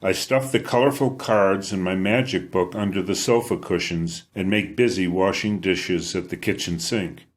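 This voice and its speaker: A man reading his own book aloud in an even, first-person storytelling manner. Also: deep voice, normal speed, hardly any pauses. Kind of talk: audiobook narration.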